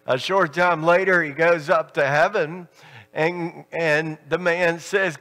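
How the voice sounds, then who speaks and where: A man pastor preaches in an earnest storytelling manner. His voice is slightly high and has a forceful brightness. He is recorded in a church hall with a long reverb. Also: fairly even intonation, slow pace. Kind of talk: sermon.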